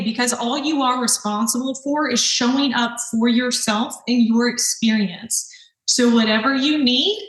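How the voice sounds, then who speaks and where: A young woman speaks from her kitchen, her voice set a little high. She sounds earnest and openly emotional, and she reassures the listener gently. The room around her is echoey. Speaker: host. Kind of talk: heartfelt podcast monologue while cooking.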